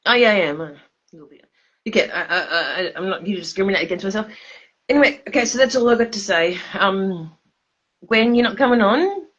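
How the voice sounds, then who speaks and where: A drunk woman with an Australian accent slurs her way through a casual, repetitive livestream ramble, laughing mid-sentence. Her mid-range voice has lively intonation and a fairly bright tone, her pace is a little fast, and the recording's highs are cut off.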